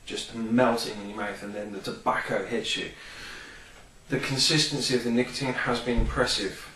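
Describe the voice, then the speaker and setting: A man's voice: medium pitch, steady tone, normal speed, pushed and bright, slight background noise. A man reviewing a product in a casual, rambling vlog, full of ums and enthusiasm. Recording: roomy, distant from the mic.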